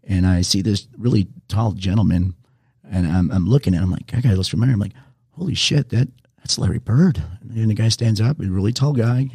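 A man's voice: on the low side, brisk, mellow, slightly rough, no echo. A man in his forties from the Las Vegas area, a bartender telling casual, rambling anecdotes to viewers and correcting himself as he goes.

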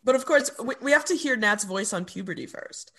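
A woman's voice: a little high, lively intonation, a little fast, a bit bright. A woman co-hosting a casual podcast chat, picking apart the music in a show with an analytical bent. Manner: analytical, explains music theory. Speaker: podcast co-host.

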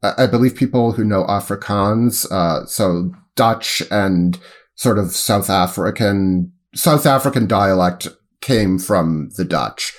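Low-voiced man, halting podcast chat. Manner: halting, hesitant, lots of ums and self-corrections. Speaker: podcast co-host and sports writer. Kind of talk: casual chat.

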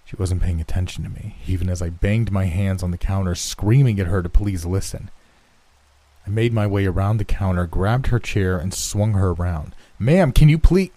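A man reading a first-person horror story in a measured, dramatic storytelling manner. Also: low-pitched, fairly even intonation, warm tone, no room sound. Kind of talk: scripted horror narration.

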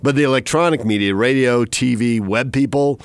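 A man co-hosting a sports talk show, chiming in with quick commentary. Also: mid-range voice, smooth. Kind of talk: casual chat.

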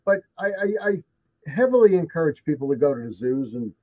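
A man's voice: on the high side, sing-song, brisk, warm tone. A man telling his encounter stories in casual conversation, emphatic and repeating himself for effect. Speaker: guest telling of sightings. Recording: dull lo-fi sound.

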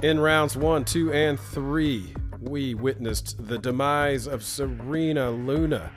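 A man's voice: medium pitch, slow, over music. A man co-hosting a podcast in casual chat, jokey and mock-dramatic as he runs a game segment. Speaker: podcast co-host. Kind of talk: casual chat and reading rhymes.

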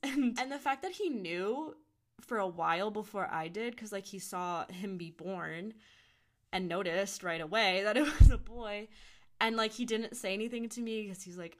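A young woman speaks as a podcast guest, telling her story in a loose, chatty way. Her pitch sits in the middle, and she drops "like" into most sentences and acts out what others said. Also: normal speed. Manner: chatty, heavy use of "like", quotes others in lively voices. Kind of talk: casual storytelling.

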